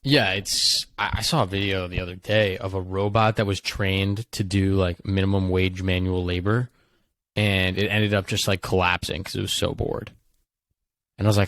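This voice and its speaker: A man's voice: sits low, level tone, normal speed, a bit bright, dry recording. A young adult man co-hosting a podcast in casual, playful chat. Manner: playful, makes silly robot beeps. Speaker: podcast co-host.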